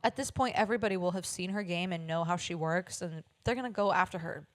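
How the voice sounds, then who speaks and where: A woman's voice: fairly low pitch, fast. A woman co-hosting a podcast in casual chat, hesitant and chatty, with many fillers and self-corrections. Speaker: podcast co-host.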